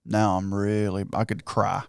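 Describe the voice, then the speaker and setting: A man telling a hunting story on a podcast, excited and animated, acting out what everyone said. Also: on the low side, unhurried, gravelly, clean tone, dry recording, studio quality. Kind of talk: casual storytelling chat.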